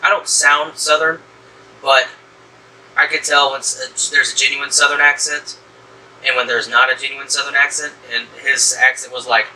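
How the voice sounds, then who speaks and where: A man with a Southern American accent hosts a laid-back horror movie review chat, rambling along with plenty of fillers and restarts. His voice is medium-pitched and flat, at a normal pace, yet pushed and bright. The mic sits at a distance, picking up a faint hum from the room.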